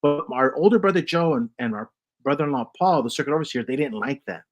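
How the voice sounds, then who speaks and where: A man's voice: mid-range voice, expressive, fast talker, soft background music. A man hosting a casual chat podcast, rambling through stories with lots of fillers. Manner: rambling, many fillers and restarts. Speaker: podcast host.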